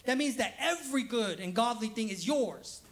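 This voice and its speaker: High-voiced male pastor preaching conversationally. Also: lively intonation, moderate pace, fairly bright tone. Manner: conversational preaching that acts out short quoted voices; repeats words for emphasis. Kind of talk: sermon. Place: church service streamed live.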